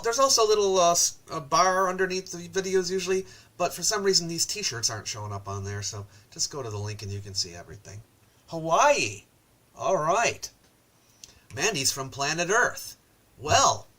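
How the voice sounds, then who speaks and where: A man's voice: medium pitch, a bit bright. A man hosting a casual livestream about ancient history, chatting loosely with viewers and reading their comments aloud between frequent ums and uhs. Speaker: host and ancient history lecturer.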